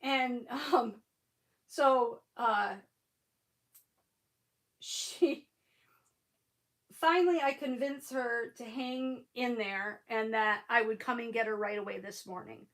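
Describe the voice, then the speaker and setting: A woman's voice: a little high, takes it slowly, long pauses, a bit bright. A middle-aged woman hosting a crafting livestream, chatting and rambling through a story with casual swearing.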